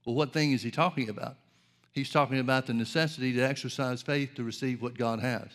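A man's voice: mid-range voice, steady tone, fairly quick, a bit bright. A man preaching a sermon, earnest and direct, asking rhetorical questions and addressing his listeners as folks.

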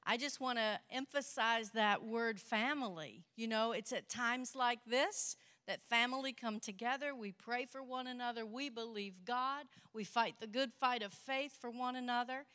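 A woman addresses a church congregation as a visiting missionary. Her voice is bright and sits a little high, and her delivery is upbeat and chatty. The recording has the long, ringing reverb of a church hall. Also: normal speed, few pauses, clean tone. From Kentucky. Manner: upbeat, chatty, laughs often. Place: church sanctuary.

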